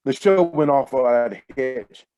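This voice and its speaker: A man reading his own first-person fiction aloud in a steady, measured way over a video call. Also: mid-range voice, no echo. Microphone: computer mic on a video call.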